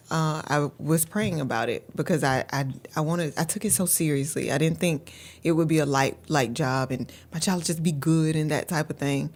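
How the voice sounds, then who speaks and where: A woman with a notably low voice, speaking as a guest parent coach. She tells her stories earnestly and leans on the word "literally" a lot. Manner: earnest, often says "literally". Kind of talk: personal storytelling in an interview.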